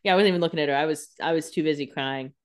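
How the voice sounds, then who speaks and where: A woman's voice: deep voice, very fast. A young woman co-hosting a podcast, chiming in with wry, sarcastic asides while they recap a show. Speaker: podcast co-host. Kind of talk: casual recap chat.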